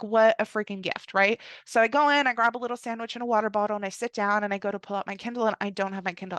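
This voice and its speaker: A young woman hosting a podcast, telling a personal travel story in a chatty way, full of "like" and quick acted-out asides. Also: medium pitch, dry recording, studio quality. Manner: chatty, heavy use of "like", animated quoted asides. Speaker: podcast host. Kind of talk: casual storytelling monologue.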